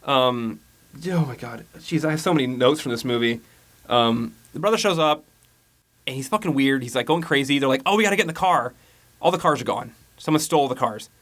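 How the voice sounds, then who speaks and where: A man's voice: medium pitch, a little fast, fairly bright tone. A man casually recapping a horror movie on a podcast, rambling and profane, mocking the plot and mimicking lines. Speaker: podcast co-host.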